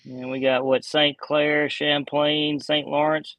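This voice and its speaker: Rambling bass angler, fairly high voice. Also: male voice, flat delivery, slow, a bit bright, no echo, low-quality recording. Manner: rambling, heavy on "you know" fillers. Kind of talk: casual stream chat.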